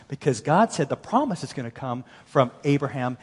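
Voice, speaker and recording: A man preaching a sermon, reading scripture aloud and explaining it with animated emphasis that swings between loud and hushed. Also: medium pitch, brisk, husky. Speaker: pastor. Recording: long hall reverb.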